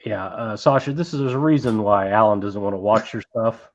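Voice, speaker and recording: A man's voice: fairly low pitch, a little fast. A man hosting a casual movie-collecting live stream, rambling, swearing freely and reading out chat messages. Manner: rambling, profane, reads chat aloud. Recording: dull lo-fi stream audio.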